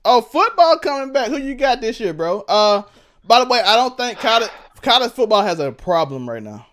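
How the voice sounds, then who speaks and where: A loud, animated man with a high voice that swings all over its range, laughing his way through casual podcast banter. His home mic is run hot and clips on the loud parts. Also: normal speed. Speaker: podcast host. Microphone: home podcast mic run hot, clipping.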